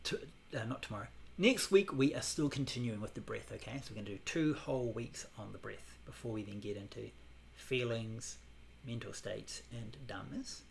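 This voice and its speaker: A man teaching a Buddhist meditation class, explaining in a relaxed way with many fillers. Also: medium pitch, moderate pace, gravelly, few pauses, slight background noise.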